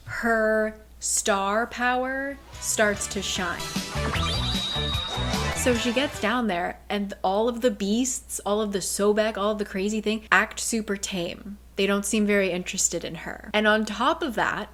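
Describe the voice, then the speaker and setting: A woman casually retelling a book's plot, chatty and animated, filling her speech with "like" and briefly mimicking the characters. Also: mid-range voice, a little slow, faint music behind. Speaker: book summary vlogger.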